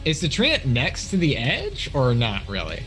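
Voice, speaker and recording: A man's voice: mid-range voice, wildly swooping pitch, a little slow, fairly bright tone, soft background music. A man playing a tabletop game, easygoing and hesitant as he adds up his rolls. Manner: easygoing, hesitant while adding up dice. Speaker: player.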